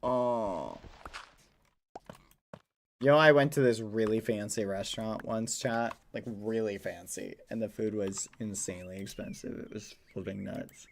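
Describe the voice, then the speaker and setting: A man's voice: lowish voice, steady tone, normal speed, gravelly, few pauses, a little hiss or hum. A man casually chatting with his chat during a live game stream, playful and chatty. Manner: playful, chatty, talks to chat while typing.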